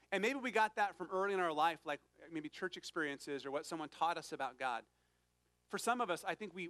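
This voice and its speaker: Earnest high-voiced man preaching. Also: fairly bright tone, no room sound. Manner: earnest, conversational preaching with emphatic scripture reading. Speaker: pastor. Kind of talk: sermon.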